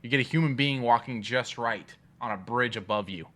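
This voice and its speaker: A man's voice: medium pitch, brisk, pushed and bright. A man co-hosting a casual podcast chat, skeptical and blunt, arguing his points with swearing. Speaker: podcast co-host.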